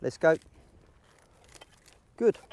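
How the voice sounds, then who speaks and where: Mellow-voiced man training a dog. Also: drawn-out words. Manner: explains steps calmly, breaks into high excited praise for the dog. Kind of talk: outdoor training demonstration. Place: open field outdoors.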